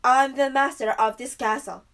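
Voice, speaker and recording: Woman reading as a stern male beast, castle master: loud, gruff and commanding, in a fairly high storybook voice. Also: fairly even intonation, moderate pace, distant mic.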